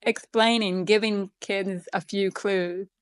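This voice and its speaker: A woman's voice: mid-range voice, fairly even intonation, slow, clear, resonant tone, no echo. A woman speaks with a deaf accent, some sounds shaped a little differently. She is a chatty interview guest who pokes fun at herself and leans on ums. Her voice sits mid-range and is recorded dry and close. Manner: chatty, self-deprecating, many ums. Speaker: guest author. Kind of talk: casual interview chat.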